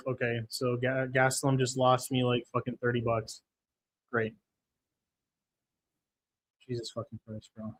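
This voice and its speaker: A young man hosting a live fight-watching stream rants in frustration about a lost bet, swearing heavily and reading viewer comments aloud. His voice is medium-pitched and a bit bright, with slight background noise.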